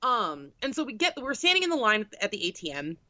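A woman's voice: a little high, sing-song, quick pace, sharp tone, no room sound, dull audio. A young woman telling a comedic story in casual, profane, exasperated chat on a podcast. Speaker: storyteller co-host.

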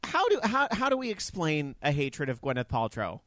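A man in casual chat, exclamatory and lively, swearing freely. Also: a little high, normal speed, no room sound.

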